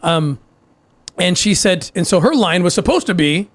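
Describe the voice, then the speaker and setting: A male guest telling a personal story in a halting way, repeating words and laughing between phrases. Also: high-pitched, animated, dry recording. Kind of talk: emotional storytelling.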